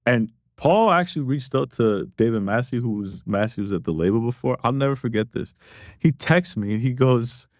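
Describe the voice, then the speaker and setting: A man hosting a casual podcast chat, an artist manager who tells animated stories and swears freely. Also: mid-range voice, normal speed, no room sound, studio quality.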